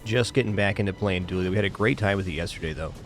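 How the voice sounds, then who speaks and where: A man with a somewhat low voice gives casual gameplay commentary as he streams. He thinks out loud as he weighs each choice, while faint game music plays behind him. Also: quick pace.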